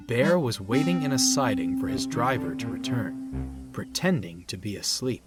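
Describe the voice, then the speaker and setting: A man narrating a storybook tale in a measured, expressive way. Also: medium pitch, over loud music. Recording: loud background noise.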